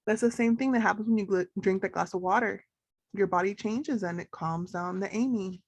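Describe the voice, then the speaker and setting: A woman reading a children's picture book aloud to a group of educators, expressive and guiding them through slow breathing. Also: medium pitch, slightly rough. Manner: expressive, leads breathing along.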